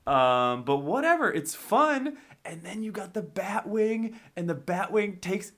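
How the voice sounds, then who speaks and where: A man co-hosts a casual movie podcast, his voice bright and forceful. He gushes with excitable enthusiasm, then drops to mumbled asides. He sounds like a man in his thirties. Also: sits high, measured pace, hardly any pauses. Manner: excitable, gushing, jumps between loud enthusiasm and mumbling. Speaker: podcast co-host.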